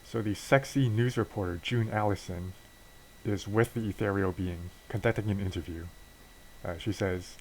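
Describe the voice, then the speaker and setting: Casual male game narrator, very low voice, loose and offhand. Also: fairly even intonation, moderate pace, slight background noise, low-quality recording. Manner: offhand, filler-heavy retelling. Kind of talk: casual narration of a wrestling sim storyline.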